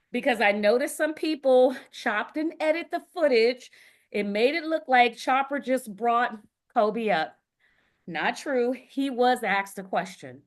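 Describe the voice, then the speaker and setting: A woman in her forties from the D.C. area co-hosting a chatty podcast, her voice sitting high. She talks in an animated, playful way and sounds slightly out of breath. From Washington, D.C. area. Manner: animated, laughing, breaks into singing and impressions. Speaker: podcast co-host. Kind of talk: casual chat.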